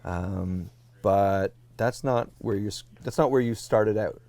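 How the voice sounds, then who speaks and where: A man's voice: on the low side, takes it slowly, creaky, warm tone, dry recording. A man hosting an interview podcast, chatty, often restarting his sentences. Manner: chatty, reads quotes aloud with restarts. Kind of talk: casual interview chat.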